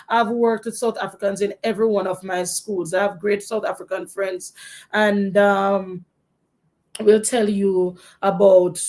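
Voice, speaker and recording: A Jamaican woman hosts a live question-and-answer session as a teacher. She answers viewers directly with frank, encouraging advice and often restarts sentences mid-thought. Her voice sits in an ordinary middle pitch for a woman.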